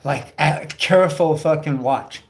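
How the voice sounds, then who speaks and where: A man's voice: fairly high pitch, unhurried. A man of fifty in a rambling comic monologue, swearing freely, calling everyone dude and bro and firing off rhetorical questions. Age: 50s. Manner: profane, chatty, full of rhetorical questions; calls listeners dude and bro.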